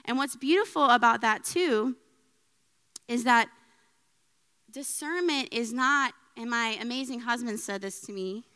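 Bright, chatty woman speaking in a hall. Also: a little high, a little slow, pauses often, clean tone. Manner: chatty, frequent "right?" tags, laughs often. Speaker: speaker giving a faith talk. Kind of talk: personal testimony talk. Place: church hall with audience. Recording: long reverb in a hall.

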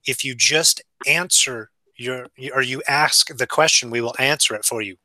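A man's voice: medium pitch, normal speed, pushed and bright, dry recording. A man who trains restaurant staff, speaking bluntly and emphatically in a casual podcast chat, swearing freely. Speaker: food safety trainer.

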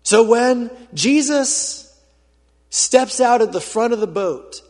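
A male pastor preaching a sermon, telling the story dramatically and swinging from loud, urgent passages to hushed ones. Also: very high-pitched, animated, takes it slowly. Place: church auditorium with a screen. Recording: reverberant hall.

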